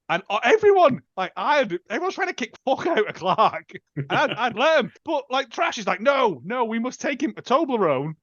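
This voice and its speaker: A man's voice: sits high, fairly bright tone, dry recording. A man co-hosting a casual comedy film podcast, rambling and jokey, acting out lines from the movie. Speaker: podcast co-host. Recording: dry, dull lo-fi sound.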